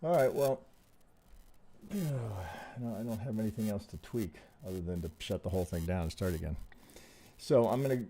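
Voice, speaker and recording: Close to a desk mic, this trading live-stream host swears a lot and talks bluntly, reasoning aloud as he tries to fix things. His warm, lowish voice is expressive, moves at normal speed and pauses often.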